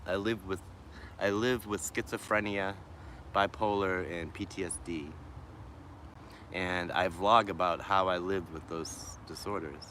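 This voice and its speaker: Low, sharp, and fairly even in intonation, the man's voice comes with slight background noise. A Boston native with a faint accent, he livestreams from a shaded wooded city park, calmly musing as he works through viewer comments, his sentences trailing off and restarting.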